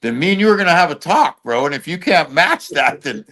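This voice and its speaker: A man's voice: on the high side, animated, a little fast, bright, forceful tone. Blunt, profane man in casual chat. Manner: profane street slang, loose and blunt. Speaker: interview guest.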